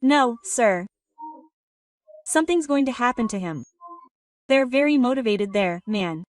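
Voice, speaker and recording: A woman's voice: a little high, animated, measured pace, no room sound, clean studio sound, distant mic. A woman comedian with a Mexican accent, telling brash, teasing stories and putting on other people's voices. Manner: brash, teasing, switches into voices of husband and kids. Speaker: stand-up comedian. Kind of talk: comedic monologue with acted dialogue.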